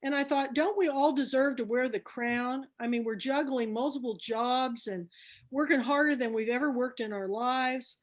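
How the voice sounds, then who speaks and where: A middle-aged woman tells stories with a high, bright voice. She is chatty and animated, slipping into the voices of the people in her tales. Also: moderate pace. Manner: chatty, animated storyteller who acts out dialogue. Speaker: book club founder speaking to a group. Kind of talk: storytelling talk.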